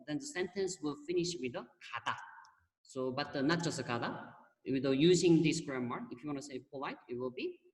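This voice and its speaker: A Korean language teacher with a Korean accent, explaining grammar in English to an online class, patient and repetitive, with many "mm-hmm"s. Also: medium pitch. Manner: patient, repeats words and fills with "mm-hmm". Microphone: video call. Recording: echoey room heard from far off.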